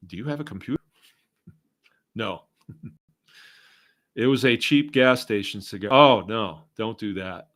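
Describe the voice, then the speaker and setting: A man's voice: on the low side, unhurried, long pauses, fairly bright tone. A middle-aged man from Massachusetts hosting a casual live stream, reading viewer comments aloud and rambling along with chuckling asides. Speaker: host.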